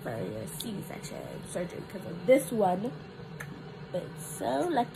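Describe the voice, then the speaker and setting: A woman's voice: mid-range voice, sing-song, measured pace, gravelly, noisy background. An older woman and grandmother chatting playfully with her family and teasing the baby in a casual home video.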